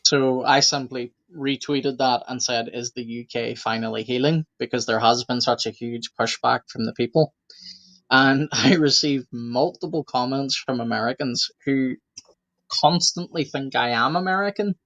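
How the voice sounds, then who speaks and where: A man's voice: medium pitch, moderate pace, fairly bright tone, muffled recording. A man with an Irish accent, co-hosting a casual podcast chat and explaining things earnestly. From Ireland and the UK. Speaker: co-host.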